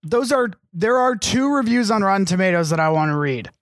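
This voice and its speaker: A man's voice: high-pitched, a little fast, fairly bright tone, no room sound, clean studio sound. A young man co-hosting a podcast, reading out ratings and reviews. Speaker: podcast co-host. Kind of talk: casual podcast chat.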